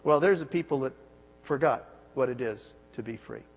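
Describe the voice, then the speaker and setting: A man in his forties preaching a sermon, emphatic, with big swings in pitch and loudness and many rhetorical questions. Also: normal speed, breathy edge. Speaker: pastor. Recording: dull sermon audio with long hall reverb and faint hum.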